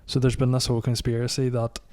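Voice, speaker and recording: A man's voice: mid-range voice, completely flat delivery, quick pace, a little mellow. Man, podcast host. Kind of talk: casual chat.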